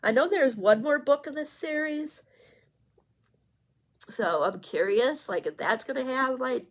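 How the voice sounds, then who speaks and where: A woman's voice: high-pitched, lively intonation, measured pace, low-quality recording. A woman chatting casually as she reviews a book, gushing and effusive, a little teary. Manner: gushing, effusive, many fillers.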